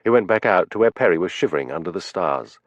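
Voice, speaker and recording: A male audiobook narrator reads in a low voice with lively, expressive delivery. His storytelling stays steady. The audio is dry and slightly dull. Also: fast, no room sound. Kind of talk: scripted narration.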